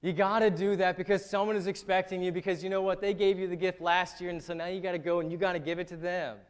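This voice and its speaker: High-voiced joking pastor in a reverberant church. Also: male voice, level tone, fast, smooth. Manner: joking, conversational preaching. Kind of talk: sermon. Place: church sanctuary.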